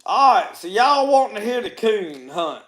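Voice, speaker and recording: A man's voice: sits high, very animated, moderate pace, a bit bright, roomy sound. A man with a Mississippi Southern accent telling folk tales in a rambling, folksy way, strung together with "he said.". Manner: rambling, folksy delivery with repeated "said" and "he said". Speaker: storyteller. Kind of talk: Southern folk tall tales told to a live audience.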